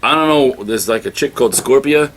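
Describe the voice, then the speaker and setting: A man's voice: mid-range voice, a little fast, fairly bright tone. A man reviewing comic books in casual podcast chat, rambling and stammering through restarts.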